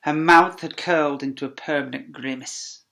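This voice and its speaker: A man's voice: a little high, steady tone, moderate pace, gravelly, bright, forceful tone. A man, a teacher reading a children's story aloud, with playful asides to young listeners. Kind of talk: expressive storybook read-aloud.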